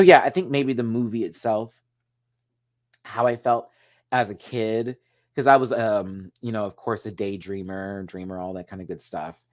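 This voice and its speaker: Excitable man gushing in a rambling review. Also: sits low. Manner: animated, swears, drag slang, gushes emotionally; rambling with restarts and asides to viewers. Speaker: TV show reviewer. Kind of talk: casual solo review rant.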